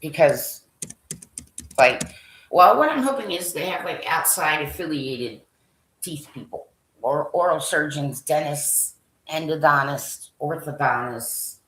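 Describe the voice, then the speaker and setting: A woman's voice: deep voice, expressive, unhurried, a bit bright, echoey room, a little hiss or hum, rough recording. A woman vlogger thinking aloud as she browses a website, rambling with lots of fillers and sometimes dropping to a whisper while she reads items off a list. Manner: drops to a whisper when reading lists.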